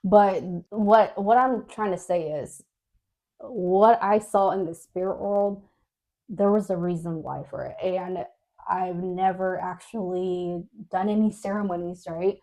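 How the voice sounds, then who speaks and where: A woman co-hosting a podcast, telling a story in casual chat, animated and laughing often. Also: fairly low pitch, unhurried. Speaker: podcast co-host.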